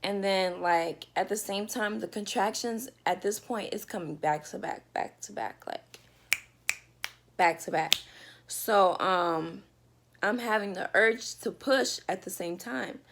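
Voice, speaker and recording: A woman's voice: mid-range voice, unhurried, vocal fry, background noise. A woman telling a personal story in a casual storytime vlog from her bedroom, talking loosely with lots of fillers. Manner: chatty, loose, with many fillers. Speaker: vlogger telling a birth story.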